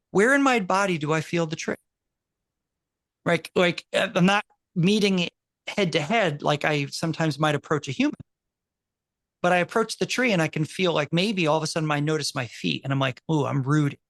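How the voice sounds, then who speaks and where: Animated man telling stories, dry sound. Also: a little high, no room sound. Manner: animated storyteller, quick asides and restarts. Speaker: university professor and podcast co-host. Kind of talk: casual conversation.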